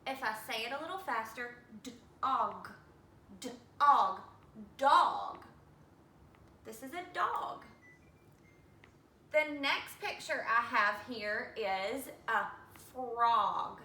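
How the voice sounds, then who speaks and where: A woman teacher with a high, bright voice gives a reading lesson to small children. She talks slowly and sounds out each letter and word. The recording is echoey, with the mic set some way off. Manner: slow, sounds out letters and words. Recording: echoey room, mic at a distance.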